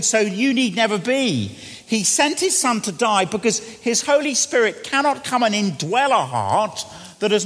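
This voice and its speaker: Man, middle-aged preacher, sermon, lively pitch, questions the congregation, long church reverb. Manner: asks the congregation questions, drops to quiet near-whispers.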